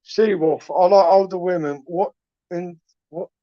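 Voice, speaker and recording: Young male streamer, crude laddish late-night banter, a bit high-pitched, dull lo-fi mic sound. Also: fairly even intonation, measured pace, warm tone, dry recording. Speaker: livestream host reading chat. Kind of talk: late-night live chat.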